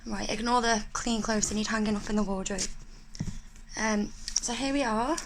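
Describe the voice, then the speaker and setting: A woman vlogging at home, chatting warmly to viewers while opening an oracle deck. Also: mid-range voice, fairly even intonation, normal speed, rough recording. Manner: chatty, breathy and gushing, talking to viewers. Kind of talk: casual chat unboxing a tarot deck. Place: home room by a main road. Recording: loud background noise.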